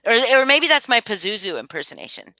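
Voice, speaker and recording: A woman's voice: mid-range voice, big pitch swings, fast talker, pushed and bright, no room sound. A woman hosting a casual live stream, rambling and thinking aloud as she answers viewers, often restarting her sentences. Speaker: livestream host.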